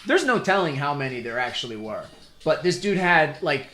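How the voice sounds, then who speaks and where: Rambling man with a lively voice. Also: fairly high pitch, normal speed. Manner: rambling, stammering storyteller. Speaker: livestream host. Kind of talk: casual chat. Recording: roomy echo, faint music.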